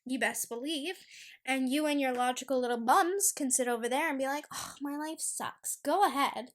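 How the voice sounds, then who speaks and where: A woman's voice: high voice, fairly quick. A young woman hosting a casual solo podcast, ranting in an exasperated, emphatic way. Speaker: podcast host.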